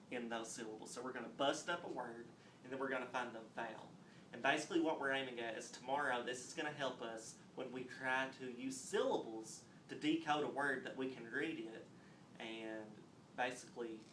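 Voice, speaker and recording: A man teaching a phonics lesson on video, explaining step by step and clapping out words slowly. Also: mid-range voice, fairly bright tone, slight background noise. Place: classroom. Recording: roomy echo, mic at a distance, faint ambience.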